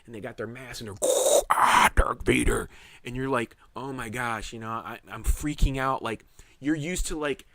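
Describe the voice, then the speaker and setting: A man's voice: mid-range voice, moderate pace, a crowd in the background. A middle-aged man telling his own story of surviving a serious illness, rambling and earnest, often repeating himself. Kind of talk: casual personal testimony.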